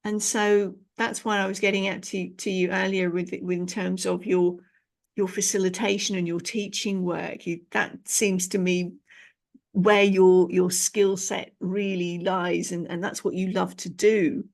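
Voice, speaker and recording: Give me a British woman podcast host with a creaky voice, encouraging and expressive. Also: lowish voice, a little slow. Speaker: podcast host and speaking coach. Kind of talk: conversational interview.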